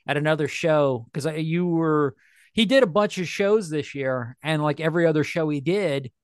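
A man's voice: a little high, normal speed, smooth, dry recording, clean studio sound. A man co-hosting a casual chat, joking, laughing often and doing silly quoted voices. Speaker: podcast co-host.

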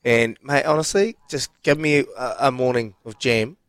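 A man's voice: mid-range voice, moderate pace, fairly bright tone, dry recording. Chatty New Zealand man, dry close sound. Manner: chatty, enthusiastic, matey. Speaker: radio co-host. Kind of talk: casual sports chat.

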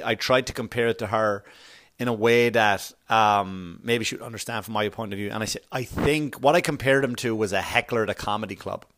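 Brief: a man in the middle pitch range hosting a podcast, ranting bluntly with plenty of swearing. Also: a bit bright. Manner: blunt, profane, opinionated ranting. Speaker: podcast host. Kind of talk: casual podcast monologue.

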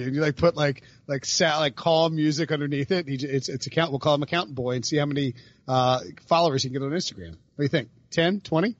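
A man's voice: on the high side, quick pace, dry recording. Rambling man hosting, dull dry sound. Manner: rambling, laughing, many restarts. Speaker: podcast host. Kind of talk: casual chat.

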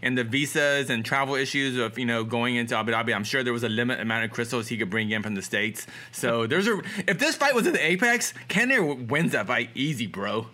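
Brief: male co-host, mid-pitch bright voice, dry deadpan jokes. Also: fast, few pauses. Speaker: MMA podcast co-host. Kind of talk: casual chat.

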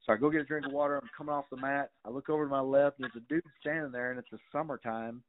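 Speaking rapid-fire in a mid-range voice with fairly even intonation, a middle-aged man tells stories casually as a guest. He rambles with plenty of fillers and some swearing, and the audio has a tinny, phone-like quality.

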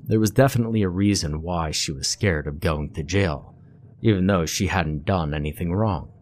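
A man reading a horror story aloud in a steady, measured narration. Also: deep voice.

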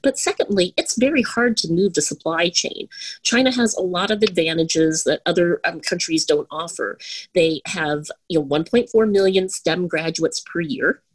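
Woman, middle-aged, husky, lowish voice, measured explanatory interview answers. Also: poor audio. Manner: measured, explanatory, frequent "you know". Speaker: guest, head of global research at a bank.

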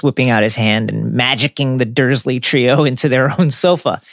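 A man co-hosting a book discussion podcast, retelling chapters in a wry, lively way. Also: mid-range voice, creaky, no echo, studio quality. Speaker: podcast co-host.

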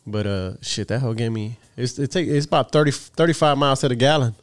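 A man's voice: medium pitch, fast, no echo. A middle-aged man, telling a rambling, profane story in casual podcast chat. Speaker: podcast co-host.

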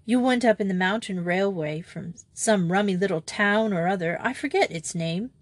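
A woman's voice: medium pitch, normal speed, no room sound, close to an everyday voice. A woman voicing a worried, impatient young Englishman in an audiobook reading, with a brusque, slangy manner. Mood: exasperated. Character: young English man, worried elder brother.

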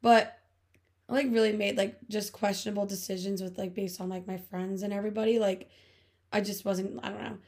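A woman's voice: mid-range voice, flat delivery, fairly quick, a little mellow. A woman in her twenties co-hosting a podcast, telling a story in casual chat full of fillers. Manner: chatty storytelling, many "like" fillers, laughs often. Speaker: podcast co-host.

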